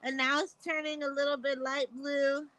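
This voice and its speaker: A middle-aged woman speaks at normal speed in a high-pitched, level, fairly bright voice, recorded without echo. Calling into a live stream by video, she casually rambles through stories, laughing frequently and swearing without restraint.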